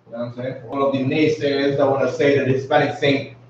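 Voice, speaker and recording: A man's voice: mid-range voice, little pitch movement, fast talker, slight background noise. A man teaching a class in a casual, slangy way, often asking if listeners follow him. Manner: slangy, keeps asking "you know what I'm saying". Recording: echoey room, distant mic, dull lo-fi.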